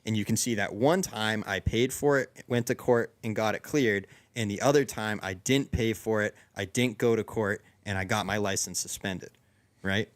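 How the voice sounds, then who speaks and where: A man's voice: fairly low pitch, moderate pace. A young man casually telling a long story among friends, rambling with lots of restarts and fillers. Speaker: podcast co-host.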